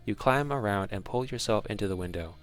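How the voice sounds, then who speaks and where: A man with a lowish voice reads a second-person fantasy adventure in a measured storytelling way. Quiet music runs underneath, and his delivery stays even and unhurried. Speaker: narrator.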